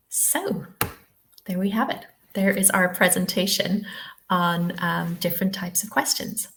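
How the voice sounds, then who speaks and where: Speaking at a medium pitch, a woman from the west of Ireland runs a live teacher-training webinar online. Her tone is chatty and encouraging, and she frequently asks "okay?"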